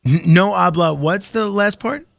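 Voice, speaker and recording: A man's voice: high-pitched, unhurried, gravelly, fairly bright tone. A man hosting a late-night call-in radio show, telling jokes and taking callers with easy chuckles. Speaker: radio host.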